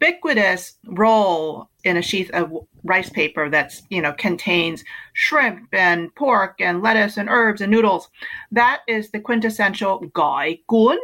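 A woman's voice: medium pitch, bright, forceful tone, poor audio. A woman guest on a podcast, chatting casually and patiently explaining how words are pronounced. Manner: patient, teaching pronunciation slowly.

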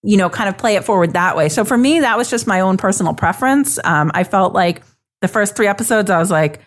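A woman's voice: mid-range voice, animated, fast. A woman co-hosting a podcast, thinking aloud in casual chat with plenty of likes and you knows. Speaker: podcast co-host.

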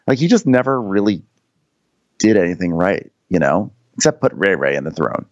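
A man with a very deep voice co-hosts a comedic podcast, recapping a TV episode with wry, dry asides. His mic sounds dry and a little dull, like a lo-fi home recording. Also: sing-song, moderate pace, no echo. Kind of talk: casual comedic recap chat.

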